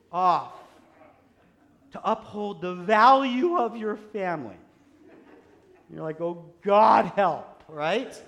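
A man preaching a sermon in a conversational way. He keeps asking "right?" and moves from quiet asides to loud exclamations. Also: fairly high pitch. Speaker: pastor.

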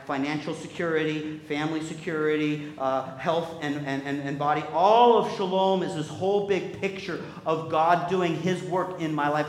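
A man preaching a sermon in an animated, conversational way, swinging between loud bursts and quiet asides and checking in with his listeners. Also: a little high, roomy sound. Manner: conversational, checks in with "right?" and "okay?". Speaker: pastor.

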